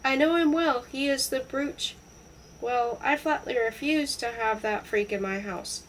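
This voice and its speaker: A woman's voice: a little high, unhurried, far from the mic, a little hiss or hum, natural voice, poor audio. A woman voicing a fussy, blustering fat middle-aged husband in a read-aloud novel, speaking with indignant emphasis. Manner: fuming, indignant.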